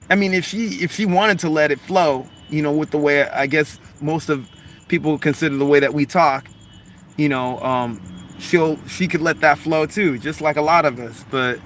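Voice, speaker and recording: Bright-voiced man with a Long Beach accent. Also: fairly high pitch, slight background noise. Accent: Long Beach, Los Angeles mix. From Los Angeles harbor area, USA. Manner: rambling, animated, frequent "like" and "man", chuckles. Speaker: live streamer, musician. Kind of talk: casual live-stream chat, reading comments aloud.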